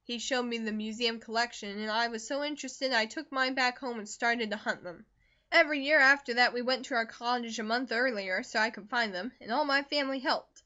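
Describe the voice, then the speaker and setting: A woman voicing a talkative young man who is recovering from a fever, brisk and jovial, in an audiobook reading. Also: fairly high pitch, bright, forceful tone, lo-fi sound.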